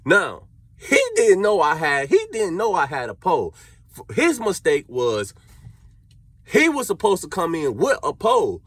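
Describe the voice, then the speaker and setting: A young Cleveland man spins an animated story in casual street slang, acting out what people said. His voice sits on the high side, husky, and he takes his time.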